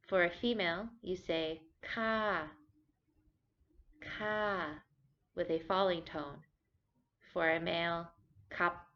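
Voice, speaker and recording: Woman, low-voiced teacher, slow deliberate delivery, repeats words, dull lo-fi recording. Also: a bit bright. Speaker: language teacher. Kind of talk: vocabulary lesson. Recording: dull lo-fi sound.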